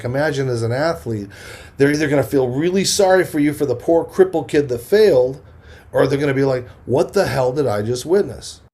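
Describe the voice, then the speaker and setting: A middle-aged man spins animated stories as an interview guest. His voice is mellow and dark, and he jumps into the voices of the people in his tales. He restarts and repeats words as he talks. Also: medium pitch. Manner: energetic storyteller who acts out quoted voices, restarts often. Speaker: podcast guest, motivational speaker.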